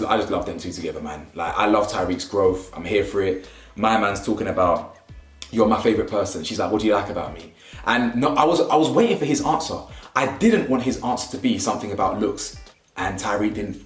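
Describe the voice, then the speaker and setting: A young man, giving a slangy, animated casual review of a reality show and laughing often. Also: fairly low pitch, a little fast. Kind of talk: casual commentary. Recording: roomy echo, faint music.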